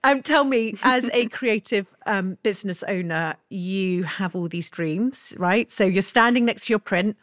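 A woman's voice: medium pitch, unhurried, hardly any pauses, a bit bright, dry recording, studio quality. A woman hosting a podcast interview, enthusiastic and encouraging, rambling as she builds her questions. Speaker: podcast host.

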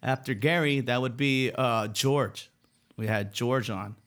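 Casting: male podcast host, slight Philly accent, loose rambling delivery, curses freely, mid-range pitch. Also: unhurried, a bit bright. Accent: slight Philadelphia. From Philadelphia. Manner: rambling, profane, frequent restarts. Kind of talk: casual podcast chat.

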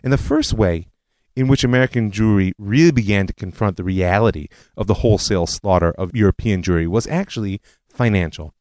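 A man's voice: fairly low pitch, a little mellow, dry recording. A man hosting a history podcast, telling it as a story with conversational asides. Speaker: podcast host. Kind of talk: scripted history narration.

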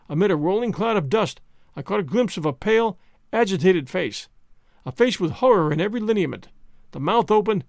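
A man reading a story aloud in an expressive, dramatic way. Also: sits high, creaky, dry recording, studio quality. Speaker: narrator.

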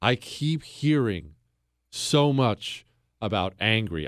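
A man's voice: lowish voice, sing-song, a little slow, no room sound, studio quality. A male talk show host delivering a fiery, opinionated monologue, hammering his points and repeating phrases for punch.

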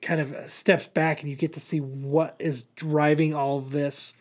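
A man's voice: on the high side, little pitch movement, a little slow, a little mellow. A man casually retelling a comic book plot, rambling with lots of fillers. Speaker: podcast co-host.

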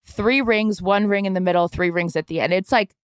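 A woman's voice: mid-range voice, a little fast, clear, resonant tone, dry recording, clean studio sound. A woman in her thirties co-hosting a podcast, rambling chattily about sports with many fillers. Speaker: podcast co-host. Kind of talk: casual chat.

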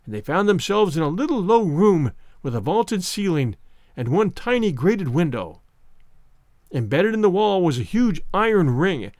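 A man narrating a classic story in a measured, expressive reading. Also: high-pitched, no echo, clean studio sound. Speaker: audiobook narrator.

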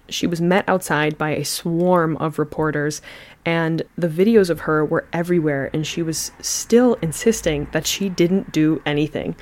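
A woman's voice: low-pitched, darkish tone. A woman hosting a podcast, telling a true crime story with chatty asides. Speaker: podcast host.

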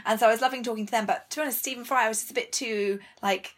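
A woman co-hosting a podcast, chatting casually in quick, rambling retellings full of quoted voices. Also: fairly high pitch, husky. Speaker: podcast co-host. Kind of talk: casual chat.

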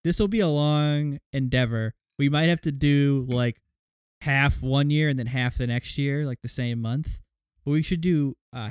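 A man's voice: medium pitch, darkish tone, smooth, no echo, studio quality. A young man co-hosting a casual podcast chat, emphatic and jokey, swearing freely. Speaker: podcast co-host.

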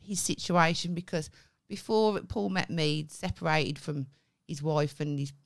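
Deep-voiced and measured in pace, a woman co-hosts a podcast, telling a story in easygoing chat. She's animated, swears a lot, and acts out the lines of dialogue.

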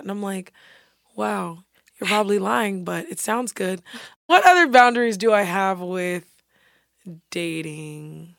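A young woman chatting casually, blunt and animated, swearing freely and acting out quotes. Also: medium pitch, a little slow, vocal fry, no echo, clean studio sound. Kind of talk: casual chat.

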